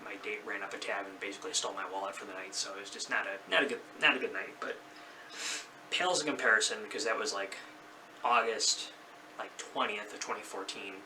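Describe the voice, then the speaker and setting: A man's voice: on the low side, a little fast. A man in his thirties casually telling a personal story as a vlogger in his bedroom, rambling and correcting himself as he goes. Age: 30s. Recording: slightly distant mic, faint background noise.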